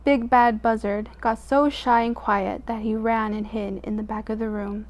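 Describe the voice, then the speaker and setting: A woman storyteller reading a picture book aloud to children in an expressive way, dropping to a hush at quiet moments. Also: on the high side, moderate pace.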